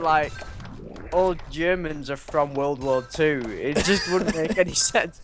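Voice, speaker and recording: A man co-hosting a casual gameplay session, goofy and laughing often, his pitch jumping high when he jokes. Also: measured pace, music in the background. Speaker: gaming co-host.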